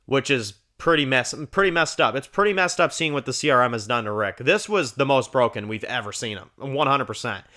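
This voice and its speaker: Rambling bright-voiced male TV reviewer. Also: medium pitch, a little fast, few pauses. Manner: rambling, filled with "you know" and restarts; gets lively when retelling scenes. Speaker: TV show reviewer, channel host. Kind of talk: casual episode review.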